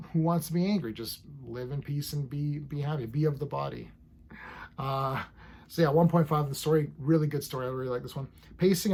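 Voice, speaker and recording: A man's voice: medium pitch, creaky, darkish tone. A man casually reviewing a TV episode, rambling enthusiastically and acting out scenes as he goes.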